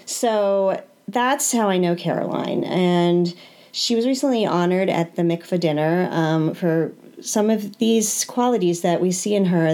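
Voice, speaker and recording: A woman's voice: fairly low pitch, a little mellow. A woman hosting a radio interview, introducing her guest at length with many fillers. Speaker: radio show host.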